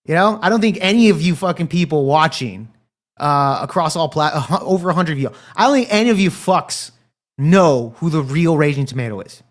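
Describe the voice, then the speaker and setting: A man with a slightly high voice hosts a casual livestream. He rambles in a crude, profane way and keeps talking straight to the viewers in his chat. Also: lively intonation, moderate pace. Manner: talks straight to live chat. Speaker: livestream commentary host.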